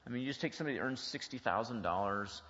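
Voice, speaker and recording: A man's voice: mid-range voice, expressive, racing, a bit bright. A male pastor giving a conversational teaching sermon in a church, putting many questions to the congregation in a plain, chatty way. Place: church sanctuary. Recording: long hall reverb, dull lo-fi sound.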